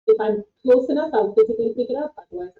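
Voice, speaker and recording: A woman with a high, lively voice plays in a tabletop game. She talks playfully and hesitantly. She comes through a tinny, phone-like line with an echoey sound. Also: very fast. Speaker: player. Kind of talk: casual tabletop play. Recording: tinny phone-like call audio with echo.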